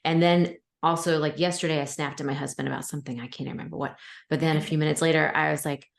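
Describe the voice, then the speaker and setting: A woman's voice: low voice, steady tone, quick pace, vocal fry. A woman chatting as a podcast guest, talking casually and laughing often as she acts out family moments. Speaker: guest author.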